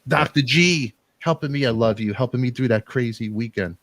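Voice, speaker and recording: A middle-aged man hosting a talk show, rambling through animated, emotional storytelling and quoting friends. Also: mid-range voice, moderate pace, no room sound. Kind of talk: emotional casual chat.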